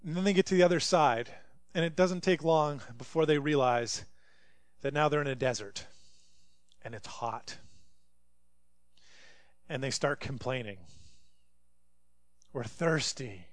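A pastor with a fairly high voice for a man delivers a sermon like he is telling a story. He talks conversationally and keeps asking the listeners rhetorical questions. The sound is dry and close, with no room echo. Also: a little slow, long pauses.

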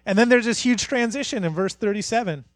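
A man preaching a sermon as pastor, moving from hushed, intimate passages to fired-up, rising declarations. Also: sits high, quick pace, no echo, studio quality. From Canada.

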